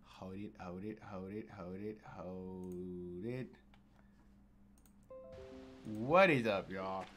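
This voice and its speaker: A young man hosting a casual let's-play, chatting in slang and reacting loudly to the game. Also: sits low, drawn-out words, faint music behind. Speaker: gaming channel host.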